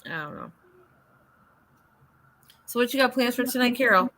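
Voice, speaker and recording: A woman hosting a casual livestream chat, telling a story with lively, acted-out dialogue. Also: on the high side, moderate pace. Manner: animated storyteller, acts out quoted dialogue. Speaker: livestream host.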